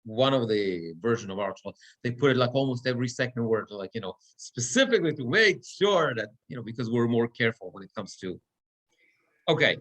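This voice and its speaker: A man's voice: mid-range voice, animated, a little fast, fairly bright tone. A man, a cantor, teaching a Torah reading class and explaining step by step while checking that students follow. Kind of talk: class instruction. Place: synagogue classroom or online class.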